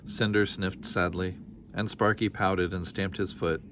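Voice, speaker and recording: A man reading a children's storybook aloud with steady, expressive storytelling. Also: sits low, normal speed, slight background noise. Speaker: storybook reader.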